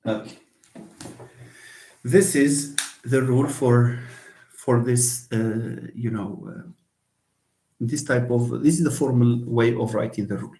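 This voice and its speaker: Slow, halting male lecturer. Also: medium pitch, mellow, reverberant. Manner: slow, halting, thinks aloud with many restarts. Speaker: linguistics lecturer. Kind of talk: online class lecture.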